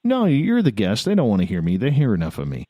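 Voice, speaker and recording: A man hosting a late-night talk radio interview, asking his guest questions in a measured, polite way. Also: fairly low pitch, huge pitch swings, mellow, no room sound. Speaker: radio host.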